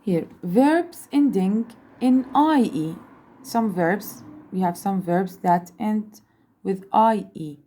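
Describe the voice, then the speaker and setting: A woman's voice: medium pitch, warm tone, a little hiss or hum. Woman teaching English grammar. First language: Arabic. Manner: slow, repeats and spells out letters, switches into Arabic to explain. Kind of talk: grammar lesson.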